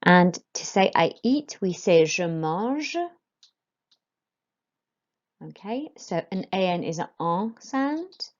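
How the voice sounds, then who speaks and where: A woman teaching a school French lesson, modelling each phrase slowly and carefully for pupils to repeat. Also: fairly low pitch, animated, muffled recording. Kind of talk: recorded classroom lesson.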